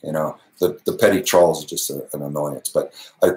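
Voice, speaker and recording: A man's voice: extremely low pitch, fairly even intonation, brisk, a little mellow, reverberant, rough recording. A man hosting a live Q&A monologue, talking earnestly and emphatically, with short laughs and restarts. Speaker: channel host.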